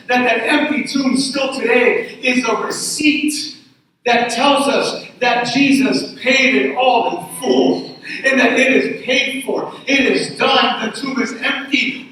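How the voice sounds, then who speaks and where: High-voiced man preaching in an echoey hall. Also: a bit bright. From Tucson, Arizona. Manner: earnest, repeats phrases for emphasis, slows on key lines. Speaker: pastor. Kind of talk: sermon with personal storytelling. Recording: echoey hall, mic from far off.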